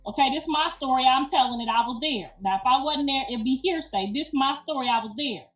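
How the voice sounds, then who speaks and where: Middle-aged woman, high voice; emphatic, profane storyteller; distant mic in a reverberant room. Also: fairly quick. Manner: animated, emphatic, profane, slangy. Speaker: grandmother telling a birth story. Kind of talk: casual storytelling. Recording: echoey room, distant mic, faint music.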